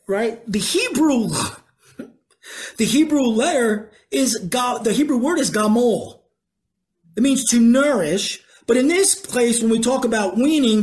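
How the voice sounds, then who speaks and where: A preacher teaching a sermon in a conversational way, asking the congregation questions and moving between slow emphasis and quick asides. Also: mid-range voice, a little mellow.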